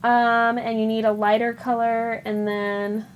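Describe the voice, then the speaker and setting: A woman with a fairly high voice talks at an easy, unhurried pace on a casual livestream. She thinks aloud as she goes and answers her viewers' comments, sounding chatty and relaxed. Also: highs cut off, a little hiss or hum. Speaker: yarn shop owner hosting a livestream. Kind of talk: casual live-stream chat.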